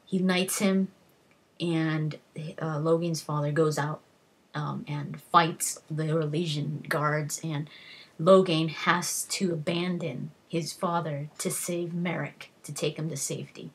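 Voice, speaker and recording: A book reviewer with a low, breathy voice gives a casual spoken summary of a plot, speaking slowly in a steady tone. Her retelling rambles, restarts often, and leans on "like" and "you know" as she goes scene by scene.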